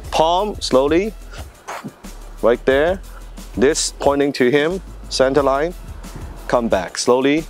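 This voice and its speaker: A man coaching a partner drill while demonstrating it, walking through each movement step by step. He keeps checking in with short questions to the viewer. Faint music plays underneath. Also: mid-range voice. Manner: explains step by step, checks in with "right?" and "see that?". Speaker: martial arts instructor. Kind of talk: hands-on demonstration lesson.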